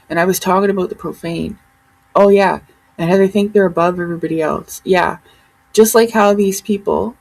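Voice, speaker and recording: A woman vlogging in a loose, rambling rant, swearing freely as she goes. Her mid-pitched voice has a gravelly, fry-heavy edge. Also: darkish tone, rough recording. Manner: profane, heated and rambling. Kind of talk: casual ranting monologue.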